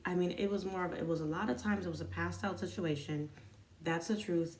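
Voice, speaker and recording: A woman's voice: fairly low pitch, steady tone, moderate pace, darkish tone, recorded from a distance. A woman talking candidly to her viewers about staying sober, in an earnest, confessional way. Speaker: sobriety vlogger. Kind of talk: candid personal talk to camera. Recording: echoey room, voice a bit off-mic.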